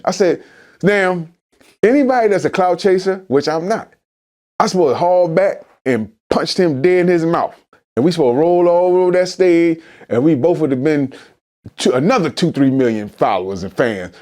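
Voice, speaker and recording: Philly rapper guy telling a wild story, high voice, swings all over, lots of restarts. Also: normal speed. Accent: Philadelphia. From Philadelphia. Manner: animated, acts out quotes in shifting voices, many restarts. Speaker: rapper guest. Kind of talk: animated storytelling interview.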